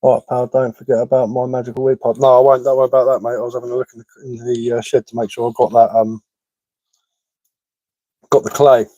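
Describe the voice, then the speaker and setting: A man's voice: medium pitch, flat delivery, quick pace, mellow, dry recording, highs cut off. A man with a mixed West Sussex and London accent, chatting casually on a live stream and answering viewers' comments. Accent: West Sussex English mixed with London. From England. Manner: chatty, matter-of-fact, repeats words and says um often. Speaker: live-stream host, woodcarver.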